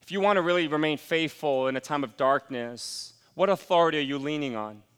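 A man's voice: a little high, brisk, fairly bright tone, clear, resonant tone, big-room sound. A male pastor preaching a sermon in a church, pressing his point with direct questions to the congregation. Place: church sanctuary.

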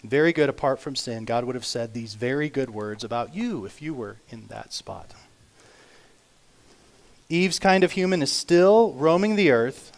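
A man preaching a sermon as pastor, earnest and emphatic, swinging between loud declarations and quiet asides, slowing down to read scripture aloud. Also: mid-range voice. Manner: reads scripture aloud slowly.

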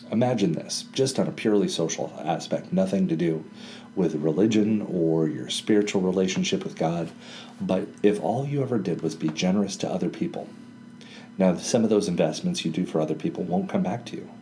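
A man's voice: low-pitched, fairly quick, dark tone, a little hiss or hum. A man co-hosting a casual Bible study chat in a library, explaining ideas with everyday examples. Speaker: co-host discussing scripture.

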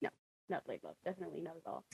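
A young woman co-hosting a podcast, telling stories in profane, animated casual chat. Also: deep voice, very fast, gravelly, low-quality recording. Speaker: podcast co-host.

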